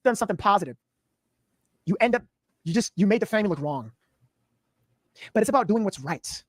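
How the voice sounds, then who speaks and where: A man talks quickly and casually as a livestream host, his voice dry and close to the mic. He speaks in a conversational, reassuring way to a caller and his viewers. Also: sits high, lively intonation, no room sound.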